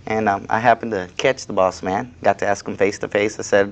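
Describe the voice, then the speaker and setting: A man's voice: lowish voice, fairly even intonation, a little fast, hardly any pauses. A man speaking as a guest on a studio interview show, talking plainly in an aggrieved tone. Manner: plain-spoken, aggrieved, recounting a workplace dispute. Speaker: guest, activist. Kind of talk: casual interview talk.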